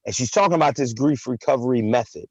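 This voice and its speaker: A man's voice: medium pitch, quick pace, dry recording, muffled recording. A man hosting a live talk show, chatting casually and animatedly, often repeating words and saying "man" and "right". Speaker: host. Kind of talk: casual chat.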